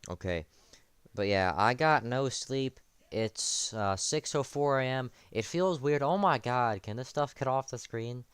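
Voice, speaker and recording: A man's voice: medium pitch, expressive, unhurried, clear, resonant tone, no room sound. A young man streaming early in the morning, tired with a morning voice, rambling and correcting himself as he tells a story. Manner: rambling, self-correcting, sleepy.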